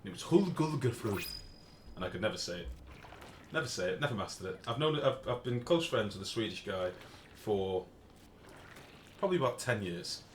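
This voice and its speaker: A man's voice: fairly low pitch, animated, brisk, pauses often, slight background noise. British guy streaming a game, jokey and chatty, echoey room. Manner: self-mocking, chatty, joking with chat. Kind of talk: casual gameplay commentary.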